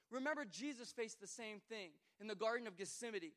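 A man in his thirties delivers a sermon in a notably high voice. He often restarts his phrases and moves between loud calls to the congregation and quiet personal storytelling. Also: a little fast. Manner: preaching with many repeated starts, swinging from loud exhortation to quiet storytelling. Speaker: pastor.

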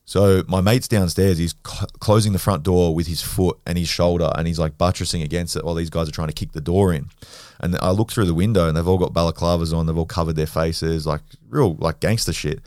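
An Australian man, a podcast guest, telling stories in a blunt, animated way and swearing freely. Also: low-pitched, brisk, hardly any pauses, dry recording, studio quality. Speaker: podcast guest, grappler and former rugby league player. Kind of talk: casual storytelling.

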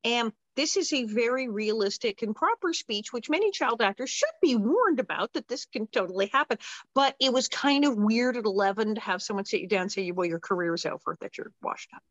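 Animated woman telling showbiz stories. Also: on the high side, brisk, no echo. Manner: animated, acts out quoted voices. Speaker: interview guest, former child actress. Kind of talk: anecdotal storytelling. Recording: dull lo-fi sound.

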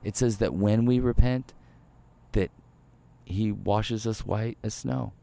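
A man preaching a casual, conversational sermon, acting out everyday apologies and moving between quick asides and slow, emphatic lines. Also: on the low side, vocal fry. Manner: conversational, animated, acts out quoted apologies. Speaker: pastor.

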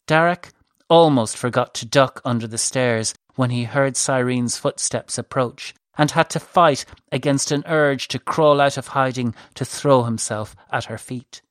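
In scripted audiobook narration of a fantasy novel, a narrator moves slowly and deliberately, with even, measured phrasing at a medium pitch. The recording is close and completely dry, with no echo or sense of room.

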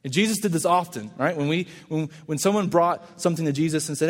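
A man pastor giving a casual, conversational sermon and acting out quoted lines in lively voices. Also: on the high side, fast talker, hardly any pauses, in a large hall.

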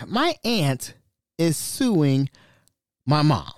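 Animated male podcast host, dry sound. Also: medium pitch, moderate pace, dry recording. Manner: animated, exasperated retelling. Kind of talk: casual storytelling.

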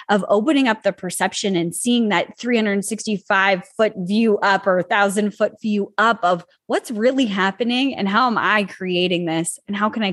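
A woman guest on a podcast, talking openly and telling a personal story, with lively jumps in pitch when she quotes people. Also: no room sound, clean studio sound. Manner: animated, acts out quoted dialogue with pitch jumps. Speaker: guest, author. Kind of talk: candid conversational storytelling.

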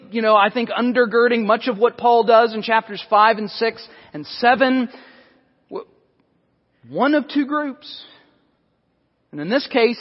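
A male pastor delivers an expository sermon in a church, speaking in a high-sitting voice. His style is conversational, with restarted phrases and asides. The recording sounds dull and trails off into a long sanctuary reverb.

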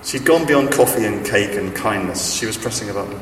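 A man's voice: on the low side, brisk, fairly bright tone, far from the mic, a little hiss or hum. Man preaching in an echoey hall. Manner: chatty, self-deprecating, many fillers and restarts. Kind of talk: sermon with stories. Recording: echoey hall, speaker off-mic.

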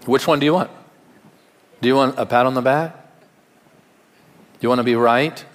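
A man's voice: medium pitch, moderate pace, long reverb tail. A male pastor giving a sermon in a conversational way, with rhetorical questions and humor.

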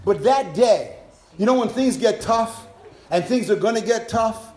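A high-pitched man preaching a sermon in an echoey room, his voice ringing off the walls. He moves between calm teaching and fervent, shouted exhortation to his congregation. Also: unhurried. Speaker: pastor.

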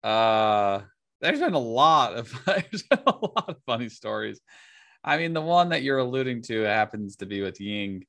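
A man's voice: medium pitch, big pitch swings, normal speed, gravelly, a bit bright, no room sound, studio quality. A man co-hosting a podcast, telling casual stories and often laughing as he talks. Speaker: podcast co-host. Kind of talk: casual chat.

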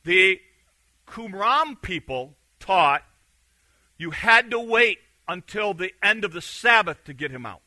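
A man preaching with a bright, high-pitched voice that cuts through. He is animated and acts out the quotes, going loud one moment and hushed the next. The sound is dry and close. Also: slow, no echo, low-quality recording. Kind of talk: sermon.

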